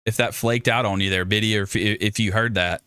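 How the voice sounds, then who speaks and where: Bright-toned joking livestream man. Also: on the low side, fairly even intonation, fairly quick, clear, resonant tone, no room sound, clean studio sound. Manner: rambling, joking, self-interrupting. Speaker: livestream host. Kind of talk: casual livestream chat with viewers.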